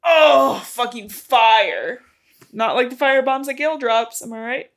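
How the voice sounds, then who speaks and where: A woman's voice: fairly high pitch, a little slow. A young woman podcast co-host retelling a novel's plot in casual chat, swearing freely and acting out the characters' lines. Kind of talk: casual book recap chat.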